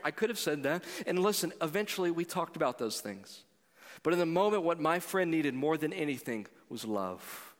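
A man's voice: fairly high pitch, animated, normal speed. Preaching man in a reverberant hall. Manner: conversational, swings from loud appeals to hushed storytelling. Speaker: pastor. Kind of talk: sermon.

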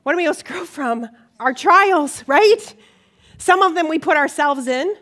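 High-voiced woman preaching conversationally. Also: a little slow. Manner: animated, emotional, frequent "okay?" check-ins. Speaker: women's ministry speaker. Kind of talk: conversational sermon. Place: church gathering.

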